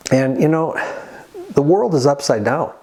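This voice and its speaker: A man giving an earnest, conversational sermon as the host of a Christian channel, pausing now and then to read scripture aloud. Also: on the high side, animated, mellow, slight background noise. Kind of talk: sermon-style monologue.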